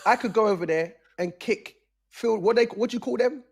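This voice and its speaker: A man, a former player, chatting in a relaxed, joking way as a soccer analyst. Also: sits high, brisk, gravelly, slightly rough. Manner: laid-back, joking. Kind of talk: casual sports chat.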